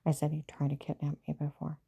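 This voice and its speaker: A woman's voice: low voice, monotone, fast talker, gravelly, dark tone, husky. A woman telling her own story in a rambling personal account, agitated and jumping between events while quoting others.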